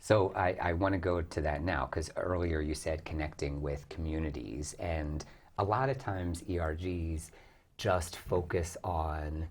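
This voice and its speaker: A man's voice: extremely low pitch, fairly even intonation, a little hiss or hum. A man hosting an interview, enthusiastic and affirming as he reacts to his guest and asks questions. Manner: enthusiastic, affirming, quick-spoken. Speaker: interviewer, host. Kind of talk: conversational interview.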